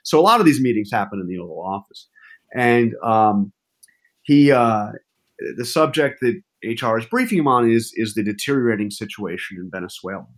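A man's voice: medium pitch, moderate pace. A man, a journalist guest in an interview, telling stories animatedly with frequent restarts. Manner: animated, with many restarts and fillers. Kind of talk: casual interview storytelling.

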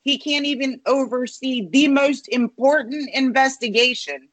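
A woman co-hosting a podcast, talking in a brisk, opinionated way. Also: high-pitched, no room sound, poor audio. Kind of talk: casual political chat.

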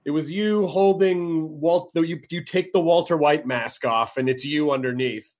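A man with a high voice hosts a casual podcast chat. He gets excited while telling stories, jumps between thoughts and swears freely. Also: measured pace. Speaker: podcast host.

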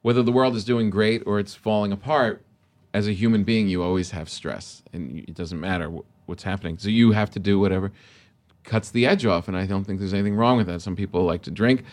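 A man's voice: on the low side, fairly quick, a little mellow. A middle-aged man, a comedian guest in a casual podcast chat, telling stories animatedly and laughing often.

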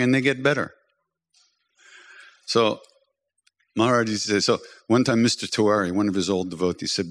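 An older man giving a storytelling spiritual talk, gently humorous and self-deprecating, as a teacher and podcast host. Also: fairly low pitch, fairly even intonation, a little fast, long pauses.

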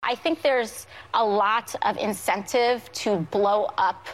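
A woman guest speaking slowly and deliberately in a casual interview. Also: mid-range voice. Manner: slow and measured, with fillers.

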